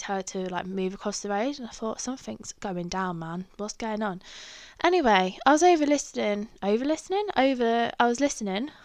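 A woman's voice: medium pitch, clean tone, no echo. A young woman with an English accent, telling a personal story in a casual, chatty way and swearing freely. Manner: chatty, swears freely, acts out her own reactions. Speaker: podcast host.

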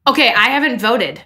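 Woman, podcast co-host, casual chat, giggly, playful, lively swooping voice. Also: high voice.

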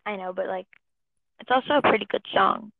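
A woman's voice: mid-range voice, fairly quick, gravelly, no room sound. A young woman co-hosting a casual podcast, bluntly giving songs number ratings. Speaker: podcast co-host. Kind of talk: casual chat reviewing songs. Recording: tinny phone-like line.

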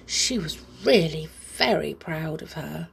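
Slow, gravelly woman reading a story. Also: low voice, lively intonation, slight background noise. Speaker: storyteller, parent. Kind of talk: reading a children's story aloud.

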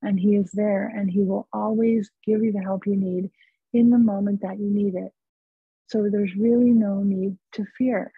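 Very husky woman on a tinny line. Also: mid-range voice, fairly even intonation, no echo. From California. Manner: earnest, unhurried storytelling. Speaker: psychotherapist guest. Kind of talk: personal storytelling in an interview. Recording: tinny phone-like line, dry.

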